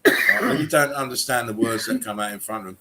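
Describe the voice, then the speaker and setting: A man's voice: medium pitch, fast, very noisy. A man hosting a casual chat, agreeing often and chiming in. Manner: agreeable, backchanneling.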